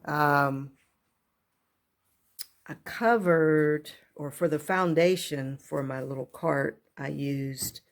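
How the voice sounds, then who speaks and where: A woman's voice: low-pitched, fairly even intonation, takes it slowly. A woman giving a casual show-and-tell of her home decor, chatty and full of fillers and unsure asides. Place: at home beside a kitchen cart. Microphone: handheld camera moved up close.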